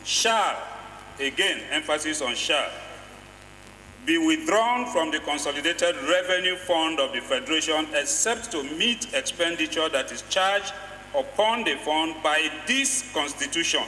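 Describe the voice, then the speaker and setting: A Nigerian man speaks on the floor of a legislative chamber, pressing hard on single words as he argues. His bright, high voice rings through a roomy hall with a long reverb tail. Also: animated, a little slow, a little hiss or hum. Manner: emphatic, stressing single words. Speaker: lawmaker. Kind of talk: parliamentary speech. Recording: echoey chamber from a distance.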